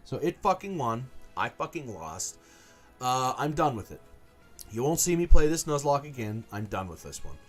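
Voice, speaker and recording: A man streaming a video game, talking in a halting, angry, exasperated way, swearing often and restarting his sentences. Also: mid-range voice. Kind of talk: frustrated gameplay commentary.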